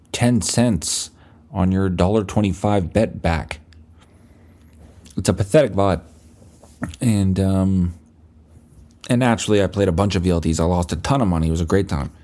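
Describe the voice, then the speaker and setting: Young man, podcast host, low voice, mellow tone, rambling profane storytelling. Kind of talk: casual solo monologue.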